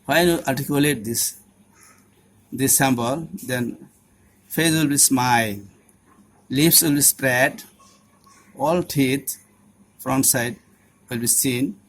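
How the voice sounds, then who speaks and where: A man teaching English pronunciation, deliberately repeating sounds and words one by one. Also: mid-range voice, fairly bright tone, slight background noise. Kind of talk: instructional lesson.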